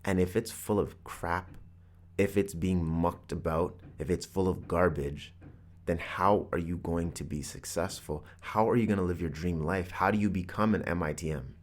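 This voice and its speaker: A man's voice: sits low, moderate pace. A man hosting a podcast, telling a personal story in an earnest, reflective motivational monologue. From Canada. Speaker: podcast host.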